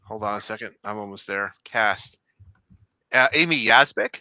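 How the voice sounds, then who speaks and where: A man's voice: on the low side, normal speed, sharp tone, no room sound, dull audio. A man co-hosting a casual talk show who laughs easily and chimes in with short replies. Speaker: podcast co-host. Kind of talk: casual chat.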